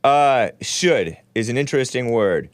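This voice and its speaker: A man's voice: mid-range voice, animated, a little slow, dry recording. Rambling sarcastic male talk host. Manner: rambling, sarcastic, stumbles over names; reads news aloud with running commentary. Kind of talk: casual call-in talk show.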